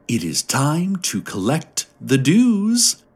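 A chorus of serene wild beings murmurs in soft, musical tones, as a man puts them on. Each phrase drifts out slowly and gently. The voice is breathy and low-key. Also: wildly swooping pitch, heavily acted.

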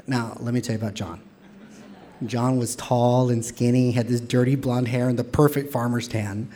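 A man in his thirties, from Texas, telling a candid personal story on stage with wry humor and lively quoted voices. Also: mid-range voice, moderate pace.

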